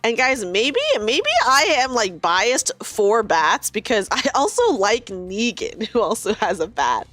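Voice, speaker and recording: A woman's voice: medium pitch, animated, a little slow, few pauses, fairly bright tone, no room sound, soft background music. A young woman streaming a game, chatting casually, giggling and reading the game's lines aloud.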